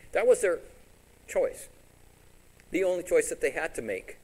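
A man's voice: on the high side, very animated, unhurried, pauses often, a little mellow, rough recording. Man preaching a conversational sermon. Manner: conversational, asks the congregation questions; paraphrases scripture in quoted voices. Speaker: pastor.

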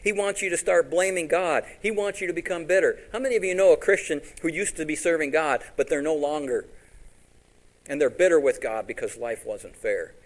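A man preaching a sermon, telling animated stories and asking his congregation rhetorical questions. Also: on the high side, a little fast, rough recording.

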